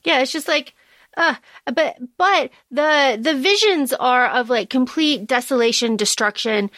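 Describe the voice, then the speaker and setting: A woman co-hosting a casual book-club podcast, retelling scenes in a chatty, animated way with fillers. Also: high voice, unhurried, dry recording. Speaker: podcast co-host.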